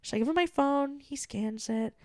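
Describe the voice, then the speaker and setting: A young adult woman co-hosting a podcast, telling an animated story in casual chat and acting out the quoted lines. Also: sits high, moderate pace, no echo, clean studio sound. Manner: animated, acts out quoted dialogue. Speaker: podcast co-host.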